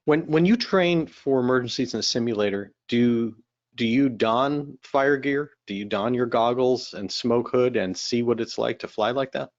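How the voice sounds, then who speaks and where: A man's voice: medium pitch, normal speed. A man hosting a casual interview, asking follow-up questions with small restarts. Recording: dull lo-fi stream audio.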